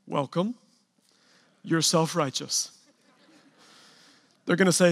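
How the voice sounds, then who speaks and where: A man's voice: a little high, expressive, takes it slowly, long pauses, long reverb tail. A man preaching a sermon from a church stage, casual and conversational, acting out quoted asides. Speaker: pastor.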